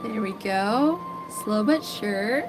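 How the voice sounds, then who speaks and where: A woman's voice: medium pitch, expressive, slow pace. An American woman hosting an art livestream, greeting viewers by name and reading their comments in a friendly, casual chat. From United States. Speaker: livestream artist host. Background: background music.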